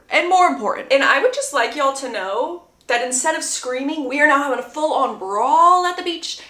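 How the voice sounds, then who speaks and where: A woman's voice: high-pitched, pushed and bright. A young woman retelling a story in a chatty, dramatic way with playful asides. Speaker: book recap creator. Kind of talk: casual storytelling recap. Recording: roomy echo.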